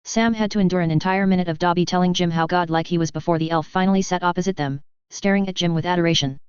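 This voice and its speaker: A woman reading fan fiction aloud as narrator, with a steady, even storytelling delivery. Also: lowish voice, fast talker, smooth, no room sound, highs cut off. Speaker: audiobook narrator. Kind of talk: scripted narration.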